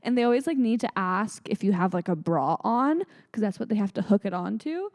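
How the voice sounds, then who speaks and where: Young woman, from Canada, podcast co-host, casual chat, animated pitch, blunt joking manner. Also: brisk.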